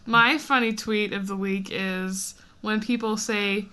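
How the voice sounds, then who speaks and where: Bright giggly woman podcast host. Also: mid-range voice, steady tone, slow pace, clean tone. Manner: chatty, giggly, playful ranting. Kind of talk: casual chat.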